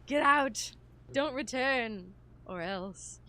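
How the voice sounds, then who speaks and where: A woman's voice: high voice, lively intonation, drawn-out words, bright, forceful tone, pitched above the performer's own voice, full character voice. A woman reading the lines of a stern man who warns a visitor away, in her own voice with curt, clipped delivery. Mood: threatening. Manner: curt, warning. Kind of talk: reading game dialogue aloud.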